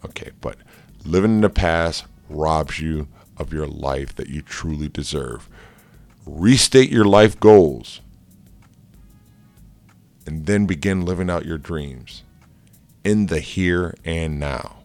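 Deep gravelly man coaching casually. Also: slow, pauses often, no echo, faint music behind. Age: adult, married with kids. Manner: energetic and jokey, loose with fillers. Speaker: life coach. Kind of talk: casual motivational vlog talk.

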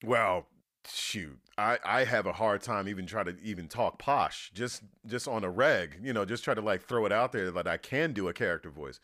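Bright-voiced male podcast host. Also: fairly low pitch, normal speed. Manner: animated, laughs often, says you know and brother. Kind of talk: casual interview chat.

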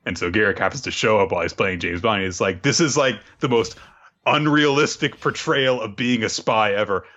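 A man in casual chat recapping a cartoon episode, animated and laughing as he acts out scenes. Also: lowish voice, a little fast, highs cut off.

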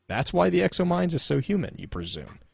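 Man reading smug robot soldier, husky, sardonic, lecturing, dry sound. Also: a little high, big pitch swings, brisk, no room sound, voice pushed up, full character voice. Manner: condescending, sardonic. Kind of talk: dramatic lore reading.

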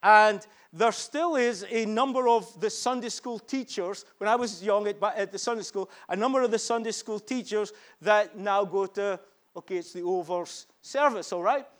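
A man preaching a sermon in church to his congregation, emphatic and repetitive, slowing down to drive his key phrases home. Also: high-pitched. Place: church service before a congregation.

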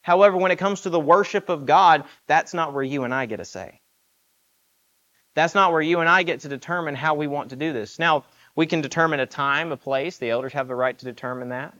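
A man's voice: fairly high pitch, brisk, a bit bright, highs cut off. A man preaching a sermon in an earnest, emphatic way, asking rhetorical questions.

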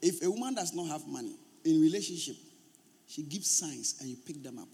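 High-voiced emphatic male pastor preaching. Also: animated, brisk, vocal fry, breathy edge. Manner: emphatic, repetitive preaching, at times shouting. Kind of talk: sermon.

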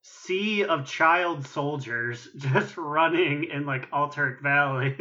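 A man's voice: a little high, takes it slowly, few pauses, sharp tone. A man co-hosting a gaming podcast, bantering playfully and laughing often. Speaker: podcast co-host. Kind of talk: casual chat. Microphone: recording booth. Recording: dull lo-fi sound.

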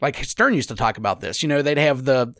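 A man's voice: medium pitch, expressive, fairly quick, a bit bright, dry recording, clean studio sound. A man co-hosting a podcast in casual chat, riffing with profane, opinionated takes. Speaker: podcast co-host.

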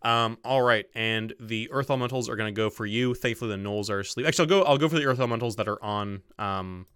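Bright-voiced man running a tabletop game. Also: on the low side, fast, smooth, no echo, studio quality. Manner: relaxed, lots of ums and restarts, explains rules. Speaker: game master.

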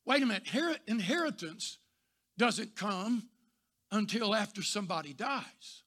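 A man preaching a sermon, telling stories and rising to shouts before dropping soft. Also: high-pitched, expressive, measured pace. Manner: builds to shouting, then drops soft. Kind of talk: sermon with storytelling.

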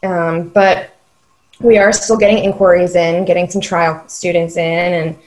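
A woman's voice: fairly low pitch, little pitch movement, unhurried, darkish tone. A woman co-hosting a podcast, a dance studio owner talking about her enrollment in an upbeat, chatty way. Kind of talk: casual podcast chat.

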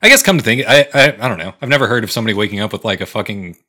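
Bright, lowish-voiced young man chatting. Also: animated, racing. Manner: swearing, laid-back, storytelling. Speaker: podcast co-host. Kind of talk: casual chat.

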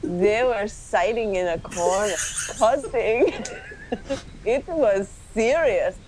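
Slow-reading woman podcast host. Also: medium pitch, a little mellow, slight background noise. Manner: reads aloud while breaking into laughter. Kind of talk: comic dramatic reading.

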